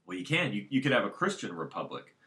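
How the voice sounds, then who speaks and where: A man's voice: lowish voice, big pitch swings, quick pace, pushed and bright. A man talking alone at home in a casual, unscripted monologue, rambling and circling back to his points. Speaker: solo commentator.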